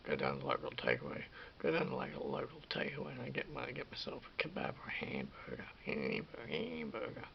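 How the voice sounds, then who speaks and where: A man doing a lazy grown man who won't cook, grumbling low with a heavy gravelly fry. The sound is dull and lo-fi with a faint hiss behind it. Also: big pitch swings, fast.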